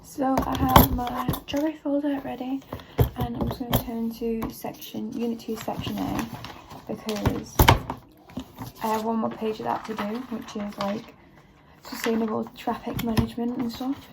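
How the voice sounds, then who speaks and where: A woman's voice: on the high side, level tone, normal speed, creaky. A teenage girl chatting casually in a study-with-me vlog from her bedroom, rambling with lots of fillers. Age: teens. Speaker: vlogger. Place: bedroom at home. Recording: noisy home video recording.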